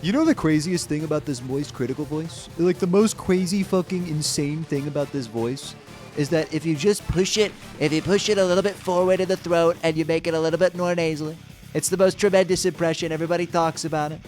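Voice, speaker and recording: A man's voice: a little high, brisk, darkish tone, faint music behind, voice pushed up, natural voice. A man doing a nasal, throat-forward impression of a boastful male internet commentator piling on superlatives. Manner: boastful, over-the-top superlatives.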